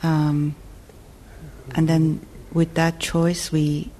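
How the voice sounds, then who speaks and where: A woman's voice: low voice, monotone, drawn-out words, warm tone, low-quality recording. A woman in the audience who asks a question in a tentative way and searches for her words. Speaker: audience member asking a question.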